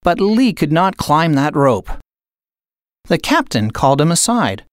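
A woman narrator reading a children's picture book aloud in an expressive, unhurried way. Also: sits low, dry recording, clean studio sound. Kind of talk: storybook read-aloud.

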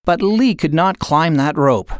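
A woman narrating a children's storybook aloud in a slow, expressive read-aloud manner. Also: deep voice, dry recording, studio quality.

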